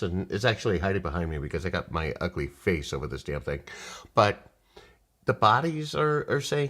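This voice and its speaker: A man's voice: fairly low pitch, fairly quick. A man casually walking viewers through a trading chart, rambling and swearing, acting out little voices as he goes. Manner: profane, rambling, animated with put-on voices. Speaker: day trading streamer. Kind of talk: casual live chart walkthrough.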